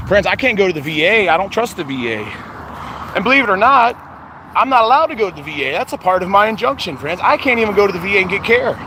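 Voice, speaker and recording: A man talking earnestly and rambling to his viewers outdoors, filming himself on a phone. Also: high voice. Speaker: vlogger. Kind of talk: casual monologue to viewers. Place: outdoors, windy cemetery grounds. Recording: noisy outdoor recording with wind.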